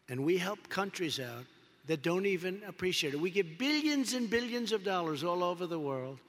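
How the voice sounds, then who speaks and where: A man's voice: a little high, a bit bright. A man giving a rally speech as a politician, rambling and repeating himself, piling on superlatives. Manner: rambling, repetitive, heavy on superlatives. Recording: long reverb of a large hall.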